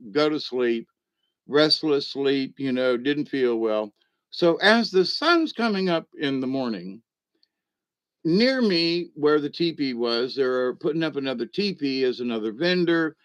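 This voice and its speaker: A man's voice: medium pitch, a bit bright, clean tone, no echo. A man telling a rambling comic story in a casual way, chuckling and acting out other people's voices as he goes. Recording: dull lo-fi dry recording.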